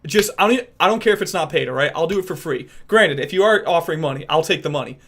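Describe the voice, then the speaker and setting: Young male streamer; upbeat, bright, rambling casual talk. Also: fairly high pitch, quick pace. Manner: animated, rambling, restarts often. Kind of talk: casual chat reacting to viewers.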